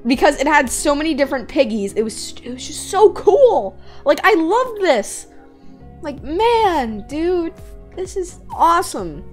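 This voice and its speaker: A young adult woman giving excited, slangy commentary as a gaming YouTuber. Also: high voice.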